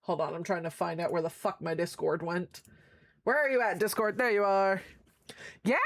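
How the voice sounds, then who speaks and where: On a livestream, a woman with a steady, lowish voice chats casually with her viewers at a normal pace, greeting them by name. She's affectionate, swearing freely as she reads chat aloud, and the recording is dry.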